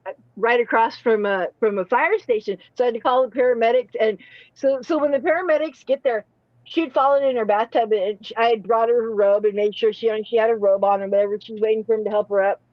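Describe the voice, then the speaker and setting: Woman rambling thru crude funny stories on a live stream, kinda high voice, dry muffled mic. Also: a little fast, no room sound. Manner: crude, rambling, frequent restarts. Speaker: streamer hosting a live panel. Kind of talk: rambling comedic storytelling.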